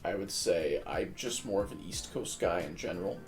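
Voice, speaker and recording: A young man from New Jersey hosting a casual chat, joking about himself in animated banter. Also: low voice, moderate pace, faint music behind. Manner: animated, self-deprecating banter. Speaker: podcast host.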